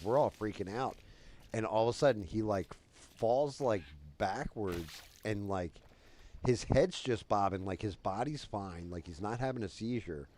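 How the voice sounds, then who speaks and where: A man telling a crude story on his live stream in a rambling, animated way. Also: fairly low pitch.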